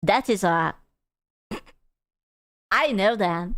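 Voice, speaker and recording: A young adult woman streamer giving casual reaction commentary, animated, incredulous and sarcastic. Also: mid-range voice, takes it slowly, pauses often, clean tone, no room sound, studio quality. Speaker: VTuber streamer.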